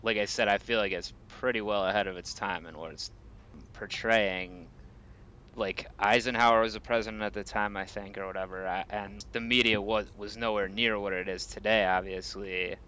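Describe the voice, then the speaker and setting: A man's voice: lowish voice, moderate pace, clear, resonant tone, low-quality recording. A man co-hosting a casual movie podcast, talking through films and arguing his opinions with energy. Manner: animated, pushes back in debate. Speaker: podcast co-host.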